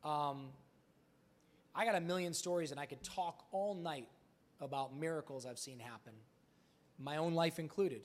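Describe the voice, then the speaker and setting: A man's voice: on the high side, moderate pace, long pauses. A man speaking as a motivational speaker at a live event, telling candid stories casually, swearing freely and acting out the dialogue. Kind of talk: live storytelling talk.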